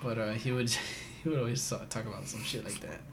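A man's voice: medium pitch, brisk. Male podcast host, casual profane storyteller, slight background hiss. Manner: loose, profane storytelling with frequent laughs. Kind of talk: casual chat.

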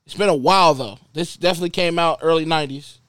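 Casual podcast co-host, male, high and animated, dry close mic. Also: clear, resonant tone, no echo. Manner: animated, teasing, drawn-out questions. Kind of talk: casual banter about movies.

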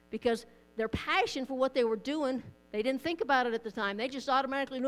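A woman's voice: sits high, quick pace. Woman preaching a sermon. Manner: conversational preaching, repeats and restarts words. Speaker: pastor. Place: church.

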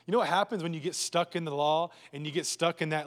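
A man preaching a sermon as pastor, emphatic and repetitive, swinging between loud urging and hushed, low lines. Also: fast talker, big-room sound. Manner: emphatic, repetitive preaching with sudden drops to a hush.

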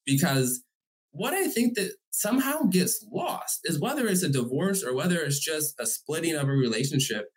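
Animated, earnest man coaching parents. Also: high-pitched. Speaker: single parent life coach, guest. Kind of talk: conversational interview.

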